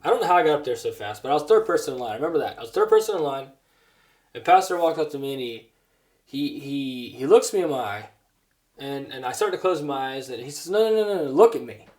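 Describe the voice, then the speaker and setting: A grown man preaching a personal testimony sermon, earnest and halting, with many restarts. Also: mid-range voice, lively intonation, darkish tone. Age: adult.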